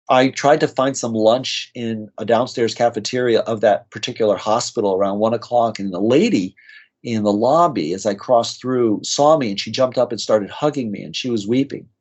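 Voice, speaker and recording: A man's voice: mid-range voice, darkish tone. A man, a nurse practitioner being interviewed, telling heartfelt stories in a conversational way and acting out the people he quotes. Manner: earnest, moved, acts out quoted voices. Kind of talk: conversational storytelling.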